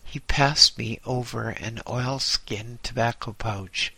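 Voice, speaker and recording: A man giving scripted first-person narration in a measured, deliberate way. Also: medium pitch, creaky, sharp tone, husky, no room sound.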